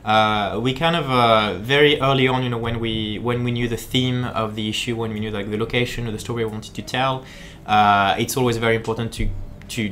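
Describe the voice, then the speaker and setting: Halting, chatty male game designer. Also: fairly low pitch, fairly bright tone, slight background noise. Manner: halting, with many fillers and repeated words; chatty and jokey. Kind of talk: live-stream commentary while playing.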